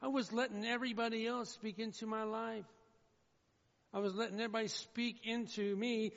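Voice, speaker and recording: A man's voice: sits high, moderate pace, vocal fry. A male pastor preaching a sermon in an earnest, emphatic way, repeating his key phrases. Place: church sanctuary. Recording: muffled sound in a reverberant church hall.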